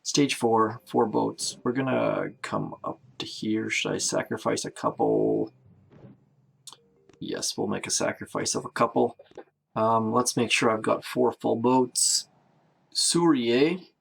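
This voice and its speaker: A man's voice: lowish voice, flat delivery, a little slow, creaky, breathy edge. A man from Canada giving chatty live commentary while playing a strategy game, greeting viewers as he goes. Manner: chatty, self-narrating, greets viewers by name. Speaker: game streamer.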